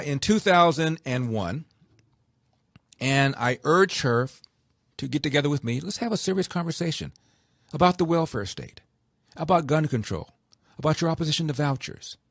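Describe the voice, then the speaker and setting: A male radio talk host tells stories in a mid-pitched voice and acts out the lines he quotes. The sound is close and dry. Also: no echo. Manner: animated, acts out the dialogue he quotes. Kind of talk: storytelling anecdotes.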